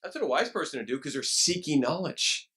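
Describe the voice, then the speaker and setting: Animated man preaching a sermon. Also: a little high, a little fast. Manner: animated, acts out quoted voices, rising to shouts. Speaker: pastor. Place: church.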